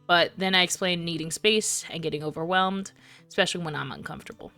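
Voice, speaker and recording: A young man talking in a country drawl, earnest and halting as he opens up. A woman plays him in a game, with a bright, forward voice that tells his story plainly. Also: fairly low pitch, faint music behind. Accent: put-on American country accent.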